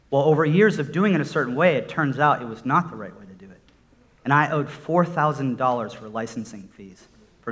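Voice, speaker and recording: A man's voice: medium pitch, a bit bright. A middle-aged man preaching a sermon, telling a personal testimony in an earnest storytelling way that builds into emphatic exhortation.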